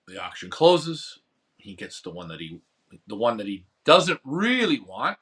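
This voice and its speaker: A man's voice: high voice, bright, forceful tone. A man hosting a pigeon racing show, telling a rambling story about an auction and answering viewer comments in casual chat. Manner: rambling storytelling, acts out phone bids. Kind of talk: casual live-stream chat.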